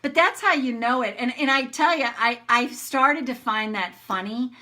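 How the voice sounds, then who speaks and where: Middle-aged woman, bright forceful voice, frank, cursing, acts out her rants. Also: on the high side, moderate pace. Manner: animated, frank, swears freely, acts out her own rants. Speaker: tapping coach hosting a live session. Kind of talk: casual live-stream talk to viewers.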